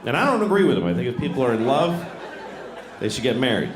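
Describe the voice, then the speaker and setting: Wry stand-up comic in a roomy club. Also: male voice, mid-range voice, big pitch swings, fast talker. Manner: wry, exasperated, acting out voices. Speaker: stand-up comedian. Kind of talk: stand-up comedy set. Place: comedy club stage. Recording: roomy club recording with crowd noise. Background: audience laughter.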